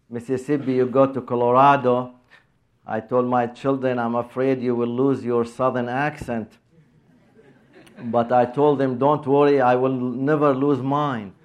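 Slow, halting male preacher. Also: mid-range voice, clear, resonant tone, lo-fi sound. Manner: slow, halting delivery with many fillers. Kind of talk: sermon.

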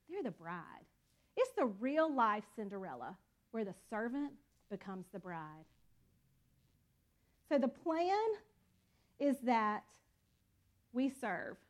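A woman teaching a Bible study in an earnest, conversational way, calling her listeners y'all. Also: on the high side.

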